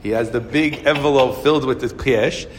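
A man giving a storytelling sermon, animated and acting out the characters as he goes. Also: mid-range voice, moderate pace, in a large hall, slight background noise. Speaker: speaker giving a Torah talk.

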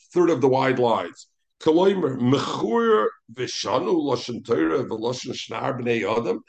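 A man teaching a Talmud lesson in an animated way, mixing Hebrew and Yiddish terms into English and acting out the rabbis he quotes. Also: mid-range voice.

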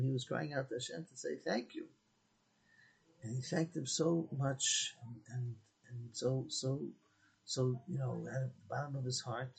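A man speaks as a rabbi, and his voice has a husky, breathy grain. He tells a story in an earnest way, restarts his sentences often and mixes in Hebrew and Yiddish words. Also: mid-range voice, low-quality recording. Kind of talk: Torah talk with a story.

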